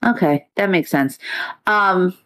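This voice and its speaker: A woman in casual chat about comics and superhero films, excitable and talkative, swearing freely. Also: on the low side, takes it slowly.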